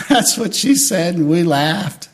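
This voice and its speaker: An older man preaching a sermon as pastor, swinging between shouted lines and soft, hushed storytelling. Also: sits high, expressive, slow.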